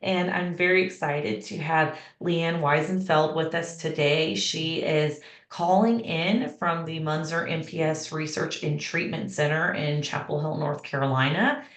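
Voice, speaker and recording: A woman hosting a conference session, giving a warm, personal introduction of the speaker. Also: low voice, fairly even intonation, measured pace, few pauses. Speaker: host. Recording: echoey room.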